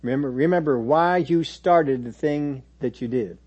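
A man's voice: a little high, normal speed, a little mellow, breathy edge, lo-fi sound. A man preaching a sermon in a conversational teaching manner, now and then mimicking churchgoers in quoted asides.

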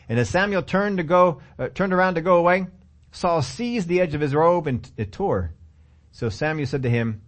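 A man's voice: fairly high pitch, moderate pace. A man preaching a sermon, reading scripture aloud and then commenting on it.

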